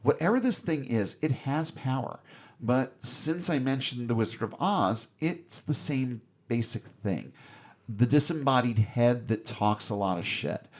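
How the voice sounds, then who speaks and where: Sarcastic male co-host, mid-pitched, casual review banter. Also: expressive, a little slow. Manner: wry, sarcastic retelling with mock asides. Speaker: podcast co-host. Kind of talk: casual film review chat.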